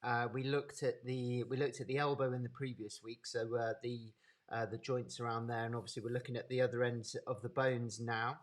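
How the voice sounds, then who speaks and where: A man's voice: medium pitch, level tone. Chatty Birmingham-accented man lecturing online. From English Midlands. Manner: chatty, unhurried, stops to greet attendees by name. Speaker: anatomy lecturer. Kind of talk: informal live webinar lecture.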